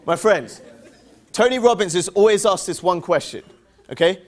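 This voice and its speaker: This upbeat English presenter has a high-pitched voice, lively intonation and a normal pace. Running an interactive motivational seminar, he quizzes the audience call-and-response style and cracks playful, teasing jokes.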